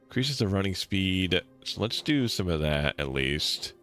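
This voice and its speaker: A man streaming a game, commenting in an excitable, joking way with swearing and laughter. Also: deep voice, unhurried, soft background music. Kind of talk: let's-play commentary.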